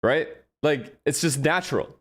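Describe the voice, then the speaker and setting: A man whose first language is Gujarati hosts a watch party, chatting casually with his stream chat. He rambles in an animated way and swears casually, speaking at normal speed in a slightly high voice.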